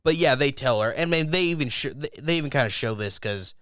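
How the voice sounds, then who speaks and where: A man co-hosting a podcast, casually retelling TV episodes in a rambling, animated way, with swearing and quoted lines. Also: mid-range voice, fairly quick, smooth, dry recording, clean studio sound. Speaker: podcast co-host. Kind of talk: casual TV review chat.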